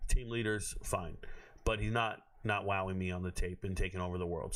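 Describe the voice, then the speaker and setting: Blunt, profane man hosting a stream. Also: sits low. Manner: profane, blunt, bursts into loud shouting. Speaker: host of a draft watch party stream. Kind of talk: casual live-stream commentary. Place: his home. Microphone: own microphone.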